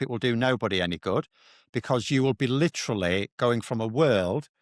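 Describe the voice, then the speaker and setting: A man's voice: medium pitch, no echo, studio quality. A British man giving casual political analysis, talking bluntly and animatedly with slangy asides. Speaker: political commentator.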